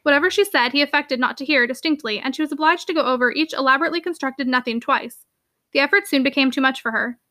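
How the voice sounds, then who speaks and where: A woman narrating a classic novel aloud with a brisk, expressive reading. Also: sits high, no room sound, studio quality. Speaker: audiobook narrator.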